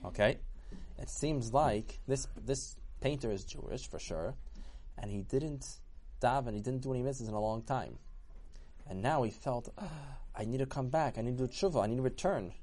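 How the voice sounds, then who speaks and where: A man voicing a pious, kindly Hasidic man who muses quietly to himself. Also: medium pitch, moderate pace, lightly acted. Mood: moved.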